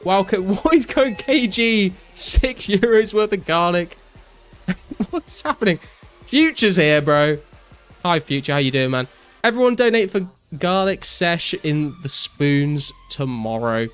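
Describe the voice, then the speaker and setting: A young British man live-streaming a game, casually chatting and excitedly thanking viewers, swearing often. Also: sits high, unhurried, smooth. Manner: excitable, swears a lot, thanks donors profusely.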